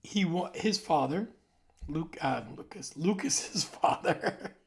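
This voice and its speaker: A man in his forties talking casually to camera, rambling and conversational, sometimes dropping into soft asides. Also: on the high side, expressive, takes it slowly. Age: 40s. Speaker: video host. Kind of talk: casual monologue.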